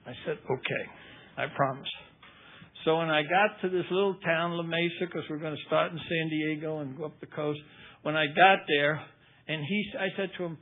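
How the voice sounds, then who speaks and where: A man's voice: fairly high pitch, steady tone, moderate pace. An older man speaking at a recovery meeting, telling his story in a wry, conversational way. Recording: tinny phone-like recording.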